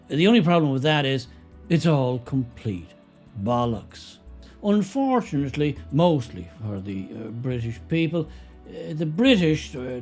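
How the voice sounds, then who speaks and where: A sardonic man delivers political commentary with a lively, swooping pitch. His tone is mocking and emphatic. Faint music plays under him. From Ireland.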